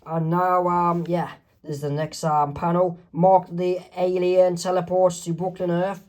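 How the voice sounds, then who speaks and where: Man, comic artist reading his own comic aloud, halting, fillers. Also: high-pitched, little pitch movement, darkish tone. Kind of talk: casual storybook reading.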